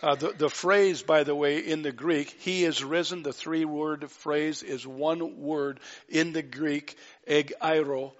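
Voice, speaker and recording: A man's voice: a little high, fairly even intonation, takes it slowly, few pauses. A man preaching a sermon, fervent, rising to exclaim lines of scripture. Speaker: pastor. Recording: dull sound in a reverberant hall.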